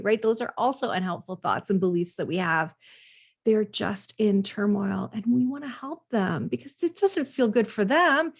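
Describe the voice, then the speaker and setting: A woman parenting coach giving direct advice, speaking earnestly straight to the listener. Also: medium pitch.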